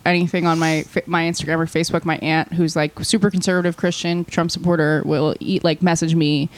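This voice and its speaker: A woman's voice: low-pitched, flat delivery, fairly quick. A woman co-hosting a podcast, chatting and laughing as she wraps up the show. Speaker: podcast co-host. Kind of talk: casual chat.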